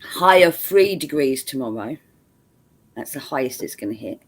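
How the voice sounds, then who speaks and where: A woman's voice: extremely low pitch, animated, moderate pace, husky. A British woman in casual chat on a video call, teasing and chatty, laughing often. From Britain.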